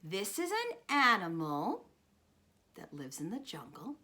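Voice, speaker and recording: A woman speech teacher reading a guessing picture book to young children, animated and encouraging, with gasps and drawn-out words. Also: medium pitch. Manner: coaxing and encouraging, asking children questions.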